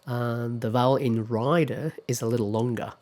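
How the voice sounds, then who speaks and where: A man giving a pronunciation lecture, speaking deliberately and repeating example words several times to demonstrate them. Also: mid-range voice, fairly even intonation, darkish tone.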